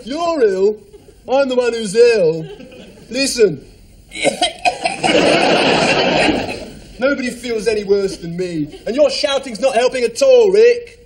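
Brief: miserable young hippie, whining, high voice, noisy track. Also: male voice, lively intonation, slow, pauses often, heavily acted. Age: young adult. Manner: droning, complaining. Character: mopey whining young male hippie student.

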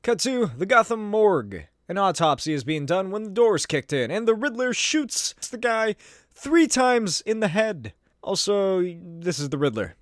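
A male host narrating a comic-book recap with a sarcastic, irreverent edge. His voice is a bit high for a man and bounces around animatedly. The sound is close and dry. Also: sing-song, a little slow, dry recording. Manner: sarcastic, swearing, laughs at the pictures. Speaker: video host.

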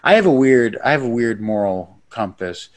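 A man's voice: mid-range voice, expressive, normal speed. A man, a stand-up comedian, chatting as a guest on a podcast in a blunt, rambling, profane way. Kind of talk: casual podcast chat.

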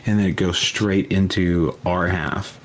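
A man with a very low voice chats as a podcast guest over a remote call. He rambles loosely, stacking filler words as he explains things. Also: fairly even intonation, unhurried. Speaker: guest band member. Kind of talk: casual podcast chat.

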